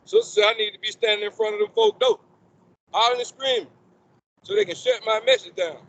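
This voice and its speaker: A man's voice: very high-pitched, wildly swooping pitch, fast talker, creaky, fairly bright tone, dull audio. A man preaching on the street in front of a store, emphatic and quoting scripture with rhetorical questions, recorded on a phone outdoors. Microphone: phone recording a video.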